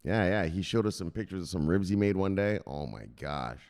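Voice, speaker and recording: A man hosting a crypto news channel who jokes and rambles with plenty of profanity. His voice is gravelly and swings widely in pitch. The tone stays loose and chatty throughout. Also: expressive, fairly quick, darkish tone. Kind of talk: casual livestream chat.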